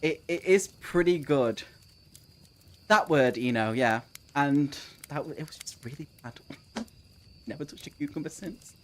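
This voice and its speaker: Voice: mid-range voice, unhurried, long pauses, a little hiss or hum. A young adult book streamer chatting casually on a live reading sprint, answering chat messages, laughing often and swearing freely.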